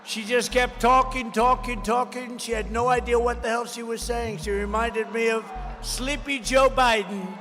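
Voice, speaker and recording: A man giving a campaign rally speech, emphatic and repetitive, often shouting his lines to the crowd. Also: very high voice, steady tone, normal speed. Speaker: political candidate. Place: large rally venue. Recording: long hall reverb with faint music.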